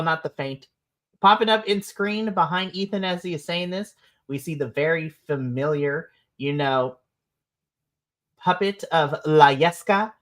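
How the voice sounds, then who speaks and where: A woman's voice: lowish voice, fairly bright tone. A woman co-hosting a wrestling podcast, chatting casually, laughing often and acting out wrestlers' lines. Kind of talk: casual review chat. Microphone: streaming mic.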